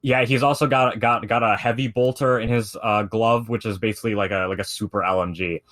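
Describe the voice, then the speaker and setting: A man's voice: lowish voice, fairly even intonation, brisk, a bit bright. A man in casual podcast chat, retelling a story in a rambling way with lots of fillers and swearing. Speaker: podcast co-host explaining lore.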